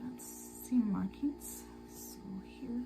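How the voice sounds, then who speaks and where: A tired woman hosting a casual sewing livestream, chatting slowly to viewers and to herself as she works. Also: on the high side, lively intonation, creaky, over music, poor audio. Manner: slow, chatty, talks to herself while working. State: tired and sleepy.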